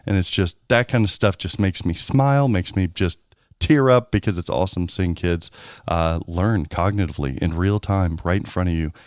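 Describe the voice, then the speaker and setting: A man's voice: sits low, normal speed, a little mellow, dry recording, clean studio sound. A man co-hosting a podcast in casual chat, candid, rambling and joking. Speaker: podcast co-host.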